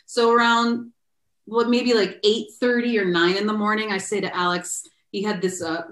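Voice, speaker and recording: A woman actress telling a personal story as a podcast guest, lively, laughing often and acting out the voices of people she quotes. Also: mid-range voice, normal speed, echoey room. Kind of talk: animated storytelling in a podcast interview.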